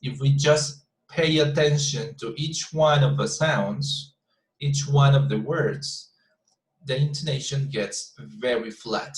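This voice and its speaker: A male English teacher with a Spanish accent talks his class through a lesson over a video call, stopping to repeat words and fill gaps with "uh" and "um". His voice sits at a middle pitch. The room around his mic adds a clear echo. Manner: halting, with many repeated words and fillers.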